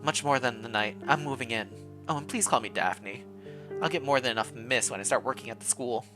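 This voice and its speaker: A man's voice: medium pitch, fairly quick, music in the background, close to an everyday voice. A man voicing a polite young woman who is a new schoolteacher, in his own plain friendly voice.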